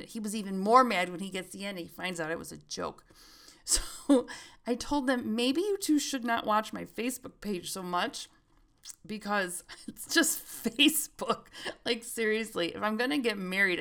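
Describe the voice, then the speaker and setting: A woman's voice: fairly high pitch, vocal fry, a bit bright. A middle-aged woman hosting a podcast, telling stories in a chatty way and laughing often. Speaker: podcast host. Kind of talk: casual chat.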